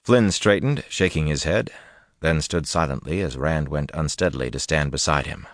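A man narrating a fantasy audiobook in a measured, intense storytelling manner. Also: very deep voice, no room sound, clean studio sound.

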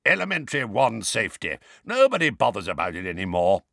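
A man voicing a gruff, grizzled old male wizard who is suspicious and irritable, with a low growling voice and blunt, barking warnings. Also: big pitch swings, brisk, a bit bright, no echo, clean studio sound, heavily acted.

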